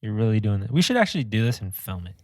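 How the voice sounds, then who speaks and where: A man's voice: lowish voice, very animated, rapid-fire, no room sound, clean studio sound. A young man co-hosting a casual podcast, teasing the others and laughing often. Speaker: podcast co-host. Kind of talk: casual chat.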